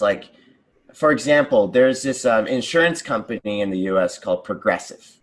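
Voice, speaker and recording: Guest: earnest man, fairly low voice, upbeat and chatty on a video call. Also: expressive, measured pace. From United States. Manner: earnest, enthusiastic, many ums and likes. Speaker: guest, conversation designer. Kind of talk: casual interview answers.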